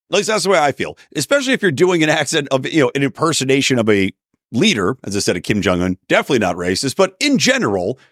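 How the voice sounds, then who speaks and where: Philly-man in his thirties, solo podcast host, ranting and wry, middle pitch, dead-dry close mic. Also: a bit bright, no echo. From Philadelphia area. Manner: opinionated, ranting, wry asides. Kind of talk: casual solo commentary.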